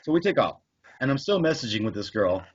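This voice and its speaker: Very animated and quick, with a breathy edge to his medium-pitched voice, a man in his thirties co-hosts a podcast. He tells a rambling, crude story loaded with profanity, and the lo-fi audio comes across dull.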